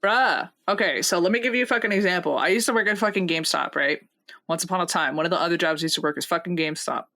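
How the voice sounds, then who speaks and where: A young woman co-hosting a casual podcast, retelling a workplace story with constant swearing and animated quotes. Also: lowish voice, quick pace. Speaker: podcast co-host.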